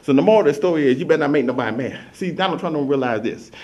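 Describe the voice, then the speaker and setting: Man, comic storyteller, rambling, repetitive, very fast, muffled lo-fi sound. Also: fairly high pitch, expressive, heavy background noise. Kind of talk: comedic story monologue. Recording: dull lo-fi recording.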